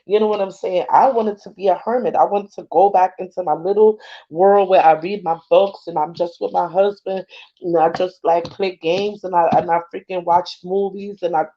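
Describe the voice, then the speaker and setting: A woman's voice: lowish voice, steady tone, normal speed, dull audio. Emotional, earnest woman card reader. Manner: emotional and earnest, keeps asking if you follow. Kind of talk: casual livestream talk.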